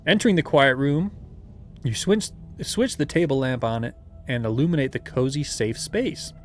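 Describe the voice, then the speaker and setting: A man's voice: medium pitch, animated, normal speed, slight background noise. A man reading a gamebook aloud as game master, with playful asides and laughter.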